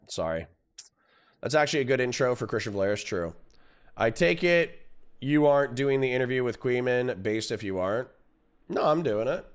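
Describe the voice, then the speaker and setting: A man's voice: medium pitch, clean tone. A middle-aged man hosting a casual livestream, ranting about online drama with profanity and frequent laughter. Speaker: livestream host.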